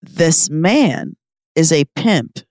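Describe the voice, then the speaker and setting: A woman co-hosting a podcast, trading banter in a blunt, deadpan comic manner. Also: sits low, extremely slow, no echo, clean studio sound. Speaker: podcast co-host. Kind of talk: casual comedic banter.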